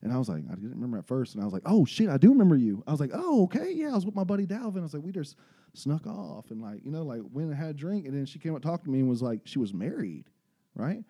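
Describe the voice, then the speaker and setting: A man's voice: mid-range voice, fast. A man in his twenties with a Texan accent, telling rowdy stories in casual slangy chat. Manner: animated, slangy, swears. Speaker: podcast guest telling stories.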